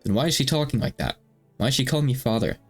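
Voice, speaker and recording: A man's voice: mid-range voice, lively intonation, fast talker, soft background music, voice pushed up. A man voicing a brash, demanding young man who is exasperated and insistent. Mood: agitated.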